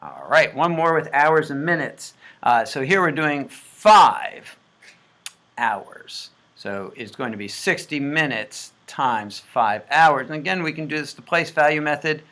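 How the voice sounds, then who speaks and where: A man walks through math homework problems step by step, talking the steps aloud and joking as he goes in a playful walkthrough. His voice is fairly high, with lively intonation, a measured pace, and a sharp tone.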